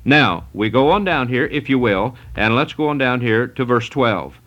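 A man's voice: medium pitch, expressive, moderate pace, a bit bright. A man preaching a sermon, reading scripture and pressing his points with emphatic repetition. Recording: muffled lo-fi recording.

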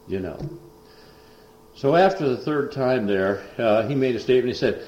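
A man's voice: fairly low pitch, lively intonation, unhurried, long pauses, darkish tone, a little hiss or hum. A man, a preacher telling a story in a folksy, rambling way. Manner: folksy, rambling, lots of uh fillers. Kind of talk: storytelling testimony. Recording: echoey dull lo-fi recording.

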